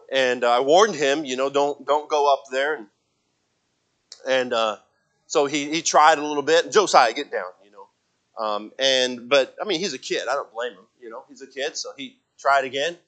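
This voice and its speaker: A man's voice: mid-range voice, a bit bright. A man preaching in a conversational way, telling a family story with many restarts and repeated words, and acting out quoted lines in a raised voice. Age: adult father of a young child.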